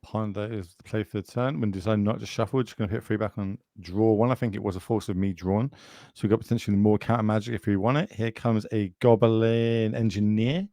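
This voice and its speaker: A man's voice: fairly low pitch, steady tone, a little fast, dark tone, no room sound, clean studio sound. A British man commentating live on a card game tournament, chatty and joking, plugging the channel between plays. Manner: chatty, jokey, plugs the channel.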